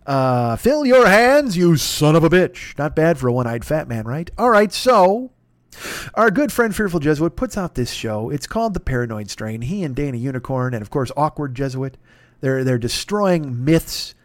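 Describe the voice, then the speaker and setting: A man's voice: mid-range voice, expressive, moderate pace, no echo, clean studio sound. A man hosting a comedy podcast, reading an ad in a rambling, profane, self-mocking way. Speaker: podcast host. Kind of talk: crude comedic ad read.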